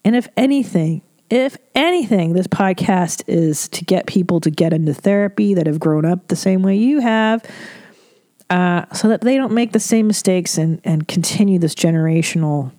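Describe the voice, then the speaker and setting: Blunt, low-voiced comedian woman. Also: normal speed, mellow, dry recording, clean studio sound. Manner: blunt, profane, motherly. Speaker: comedian podcast host. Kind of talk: casual advice chat.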